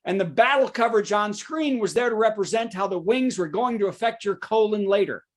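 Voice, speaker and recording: A man, a comedian hosting a virtual show with a topical news monologue and quick asides to the audience. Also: high-pitched. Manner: joking asides, checks in with the audience. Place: home setup for a virtual show.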